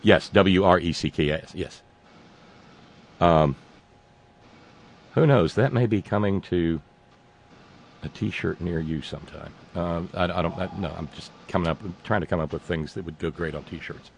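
A man hosting a political talk show, speaking in a halting, sarcastic way with many restarts. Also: sits low, vocal fry, breathy edge. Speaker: talk radio host.

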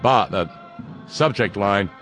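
A man's voice: on the low side, takes it slowly, a bit bright, faint music behind. A male talk show host who uses carnival-barker patter and mocking asides. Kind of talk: sarcastic talk show monologue.

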